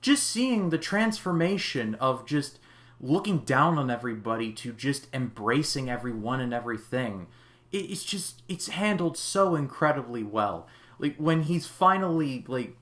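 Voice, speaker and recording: A man's voice: medium pitch, a bit bright. A young man giving a casual, earnest movie review, chatty and full of "like" fillers. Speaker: film reviewer.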